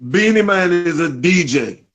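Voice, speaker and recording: A man's voice: sits high, measured pace. A man from Washington D C with a Southeast DC accent, telling stories as a guest in an interview, acting out what people said. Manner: animated storyteller, acts out quotes. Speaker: interview guest, reggae artist. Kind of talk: storytelling in casual conversation.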